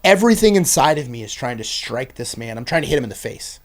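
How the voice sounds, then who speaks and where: A man, a podcast guest, telling his personal testimony in an earnest, intense way, swinging between loud bursts and hushed passages. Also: medium pitch, sing-song, quick pace.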